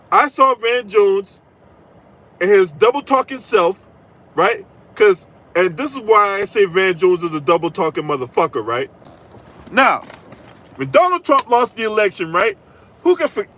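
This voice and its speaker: A man's voice: high voice, sharp tone, poor audio. A man hosting a political commentary channel, delivering a profane, mocking rant full of crude trash talk and repeated "right?".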